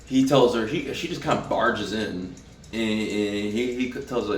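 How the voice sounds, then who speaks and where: A man with a fairly low voice reviews a TV episode at a moderate pace, speaking casually, cursing, rambling, and restarting often. The recording sounds roomy and distant, with slight background noise.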